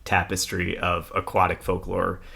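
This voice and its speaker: A man's voice: low-pitched, monotone, normal speed, gravelly, pushed and bright, breathy edge. A man co-hosting a podcast, telling a history story in casual chat, laughing often and reading old newspaper text aloud. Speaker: podcast co-host.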